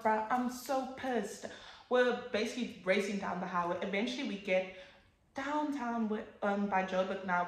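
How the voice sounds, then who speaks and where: Young woman vlogger, animated swearing storyteller, echoey room. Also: medium pitch. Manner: animated, swears, acts out quotes with sudden loud jumps. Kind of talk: casual storytime.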